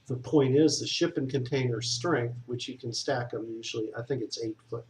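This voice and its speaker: Blunt man, structural engineer type, rambling and opinionated. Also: medium pitch. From Southern US. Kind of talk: casual explanatory monologue.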